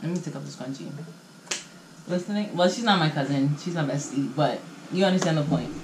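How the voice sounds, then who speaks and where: A woman's voice: deep voice, brisk, echoey room, slight background noise, low-quality recording. A young adult woman vlogging from home in a casual storytime chat, slangy and acting out what each person said. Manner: chatty, slangy storytelling that acts out what people said. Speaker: vlogger telling a story time. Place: in her home. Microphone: camera mic.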